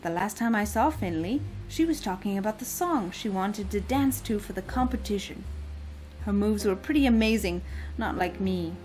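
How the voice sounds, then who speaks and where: A woman's voice: mid-range voice, animated, normal speed, a little mellow, soft background music, lightly acted, rough recording. A woman reading aloud the lines of a cranky, sleepless male frog who calls himself king of an island in a video game.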